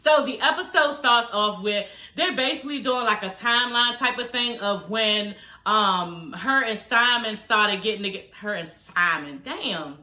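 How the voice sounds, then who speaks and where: A woman's voice: mid-range voice, expressive, normal speed, few pauses, bright, forceful tone, echoey room. A woman vlogger recapping a reality show from home in casual, slangy chat, laughing often, her speech slightly slurred by new dental aligners.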